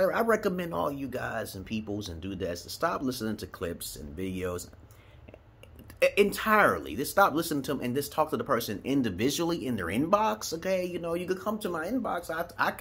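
Casting: husky-voiced man from Brooklyn, lively swooping delivery, loose and profane, rambling vlog rant. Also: medium pitch, brisk. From Brooklyn, New York, USA. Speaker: vlogger. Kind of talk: casual rambling monologue.

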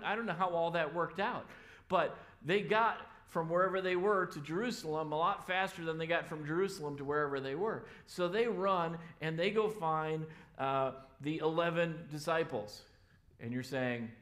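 A man's voice: a little high, fairly bright tone. A man preaching a sermon as a pastor in a church, telling the story casually and acting out the voices of the people in it. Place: church sanctuary.

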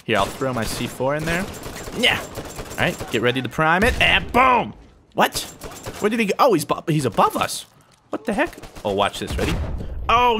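Excitable young man commentating a game. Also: fairly high pitch, moderate pace, a little hiss or hum. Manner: excitable, yelps and squeals when startled; mock-cocky asides to viewers. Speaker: gaming video host. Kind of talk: live gameplay commentary.

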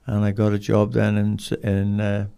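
An older man with a Northern Irish accent, telling rambling, animated stories as an interview guest. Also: on the low side, moderate pace, creaky, smooth. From Northern Ireland. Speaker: guest, dog trainer. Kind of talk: casual storytelling.

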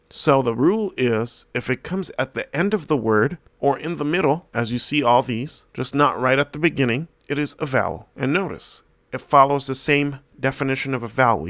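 A male teacher explaining a reading lesson step by step, slowing down to sound out example words and lifting his voice to stress key points. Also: mid-range voice, fairly bright tone, dry recording.

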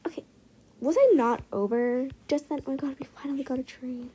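Young woman, high pitch, husky, mellow tone, excitable game commentary, muttered asides. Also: a little fast, rough recording. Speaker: gaming vlogger. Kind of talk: casual gameplay commentary.

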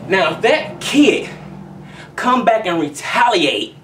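A man's voice: high-pitched, very animated, slow, fairly bright tone, slight background noise. A man giving an angry, emphatic commentary in a vlog, repeating himself for effect. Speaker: vlogger. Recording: roomy, mic at a distance.

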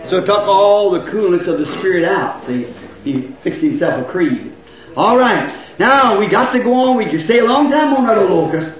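A man preaching a folksy sermon, swinging between loud shouts and low asides. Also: animated, normal speed, a little hiss or hum. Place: church. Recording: echoey, muffled old church recording.

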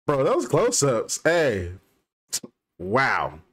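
A man's voice: mid-range voice, huge pitch swings, extremely slow, over music. Casual rambling young man reacting. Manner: loose, rambling, full of "like" fillers. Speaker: reaction channel host. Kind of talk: casual music video reaction.

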